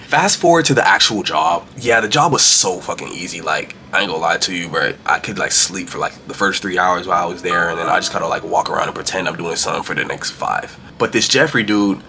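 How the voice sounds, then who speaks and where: Animated young man ranting through a story. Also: deep voice. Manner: animated, slangy and profane, breaks into loud exasperated rants. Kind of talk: casual storytime monologue.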